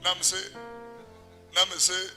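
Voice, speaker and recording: Male pastor, high-pitched, sings and shouts through the sermon, faint music behind. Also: monotone, unhurried. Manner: preaching that swings between singing and shouting.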